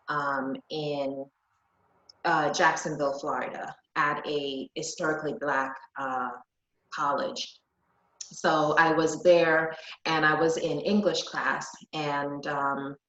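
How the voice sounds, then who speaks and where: A woman's voice: low voice, fairly bright tone. A woman from Jamaica, reflectively telling a personal story as a podcast guest, with frequent ums and restarts. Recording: echoey room, dull lo-fi sound.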